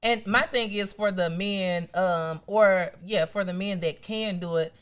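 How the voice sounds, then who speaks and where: A woman's voice: medium pitch, a little slow. A woman co-hosting a podcast in casual chat, talking things through and acting out quoted exchanges. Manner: animated, acts out quoted exchanges. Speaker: podcast co-host.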